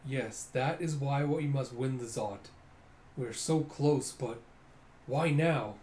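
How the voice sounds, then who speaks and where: A man voicing a proud karate master who now regrets his past, speaking slowly and solemnly. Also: medium pitch, darkish tone, close to an everyday voice. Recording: roomy echo, faint noise.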